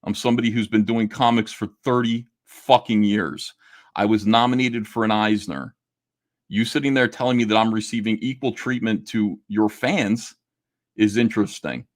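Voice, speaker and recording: A man's voice: fairly low pitch, fairly even intonation, normal speed. A middle-aged man, a comic artist and YouTuber, talking to camera in a casual monologue, blunt and indignant, swearing and stumbling over restarts.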